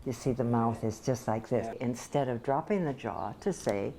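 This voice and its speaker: A woman's voice: very deep voice, moderate pace, a crowd in the background. A woman vocal coach explaining things in an interview and demonstrating mouth shapes and sounds.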